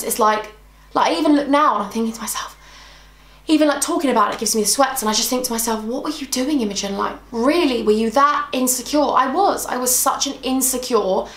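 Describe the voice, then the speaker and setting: Woman, 20s, storytime vlogger, emotional, acts out dialogue, higher voice, echoey room. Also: fairly bright tone. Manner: emotional, re-enacts conversations. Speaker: YouTuber. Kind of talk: storytime vlog.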